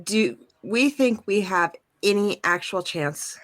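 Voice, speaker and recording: A woman talks through her plans at a tabletop role-playing game, pausing with ums and uhs as she thinks. Her tone is bright, and her pitch moves up and down freely. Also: expressive. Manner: thinking aloud, hesitant with fillers. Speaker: player. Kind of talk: tabletop role-play chat.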